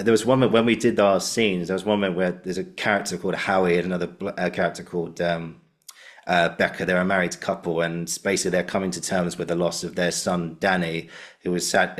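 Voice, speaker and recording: A young man hosting a podcast, chatting casually and rambling a little. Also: sits low. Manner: rambling, animated when imitating others. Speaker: podcast host. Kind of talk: casual chat.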